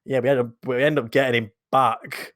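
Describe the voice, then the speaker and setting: A young man co-hosting a podcast, telling sweary anecdotes in a casual, animated way. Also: medium pitch, a little fast, dry recording, clean studio sound. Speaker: podcast co-host. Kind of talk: casual storytelling chat.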